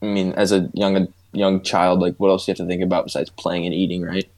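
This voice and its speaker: A man's voice: sits low, monotone, fast, a little mellow. A man in his twenties telling stories in a casual, profane chat, laughing along as he goes. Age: 20s.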